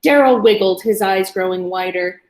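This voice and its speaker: A woman reading a first-person story aloud to an audience in a calm, measured way. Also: mid-range voice. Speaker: story reader. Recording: roomy echo.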